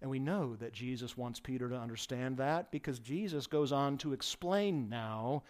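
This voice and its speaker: A man preaching a sermon with emphatic delivery, swelling his voice for stress and dropping it low for asides. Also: unhurried. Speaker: pastor.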